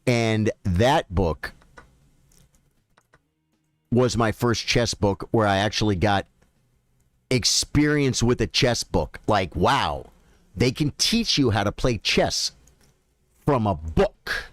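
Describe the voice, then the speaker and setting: A man streaming chess, chatting casually with viewers and thinking out loud about his games. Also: fairly low pitch, animated, slow pace, pauses often, no room sound. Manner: chatty, thinks aloud, addresses viewers directly. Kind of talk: casual live-stream commentary.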